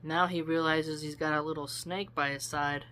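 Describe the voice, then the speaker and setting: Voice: mid-range voice, fairly even intonation, normal speed, pushed and bright, a little hiss or hum. A host reading a philosophy text aloud and breaking off for chatty, digressive comments. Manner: chatty, digressive asides with laughter.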